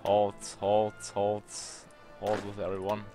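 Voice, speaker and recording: A man's voice: lowish voice, completely flat delivery, slow pace, warm tone, soft background music. A young man commenting on his strategy game as he plays, thinking aloud and swearing when the game bugs out. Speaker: let's play host.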